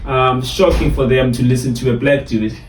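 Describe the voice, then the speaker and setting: A man from South Africa with a South African Xhosa English accent, telling lively stories in a casual chat with many fillers and repeats. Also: medium pitch, moderate pace, slight background noise. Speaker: barista trainer, guest. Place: in a car. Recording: roomy sound, mic at a distance, faint ambience.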